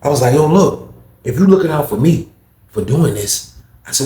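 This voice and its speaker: Swearing heavily, a man animatedly recounts a story in casual talk, pitching his voice up to act out what others said. He's brisk but leaves long pauses, and the sound is roomy.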